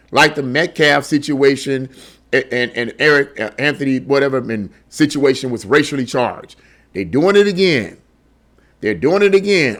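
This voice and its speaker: With a mid-range, fairly bright voice, a man who comments on politics online rants heatedly about a news story. He repeats words as he stumbles and asks one rhetorical question after another.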